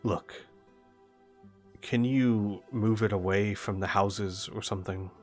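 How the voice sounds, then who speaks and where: A man's voice: fairly low pitch, steady tone, slow pace, soft background music, voice pushed down. A man voicing a weary town guard who gives blunt, tired orders.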